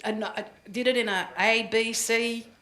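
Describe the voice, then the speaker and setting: A woman runs a live presentation workshop, chatty and quick to laugh. Her voice sits a little high, and the room gives it a clear echo. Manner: lively, chatty, laughs easily. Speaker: presentation coach. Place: room with an audience. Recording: echoey room.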